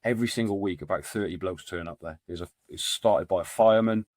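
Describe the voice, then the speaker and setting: A man's voice: low voice, a little fast, a little mellow, no echo, studio quality. A middle-aged man, a podcast guest telling stories in a casual, rambling way full of fillers and restarts. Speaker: podcast guest, men's support group founder. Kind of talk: casual storytelling conversation.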